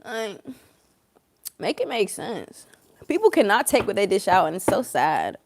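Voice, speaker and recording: A woman's voice: medium pitch, very animated, measured pace. Sarcastic, blunt woman tarot reader. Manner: sarcastic, blunt and profane, laughs often. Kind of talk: live-streamed tarot reading.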